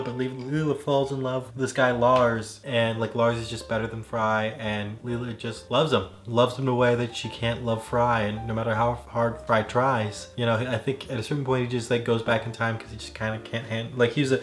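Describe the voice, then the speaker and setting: A man's voice: medium pitch, fairly bright tone. A man mixing cocktails at home, chatting casually and rambling into tangents with lots of "like" fillers. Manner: rambling, heavy on "like" fillers, digressive. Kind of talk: casual chat while mixing drinks.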